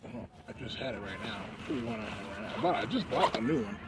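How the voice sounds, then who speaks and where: A young man rambles through a casual vlog, high and slurring his words. His voice sits at a middle pitch, drifting between fillers. Clear background noise runs under the whole recording. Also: animated, quick pace. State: high on edibles. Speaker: vlogger. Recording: noisy background.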